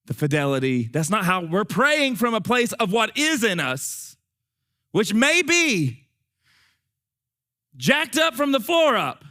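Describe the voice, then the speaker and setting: Man, preacher, high voice, folksy, animated, hoarse and breathless. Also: slow, long pauses. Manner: animated, folksy, talks straight to the congregation. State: voice going hoarse, short of breath. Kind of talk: sermon.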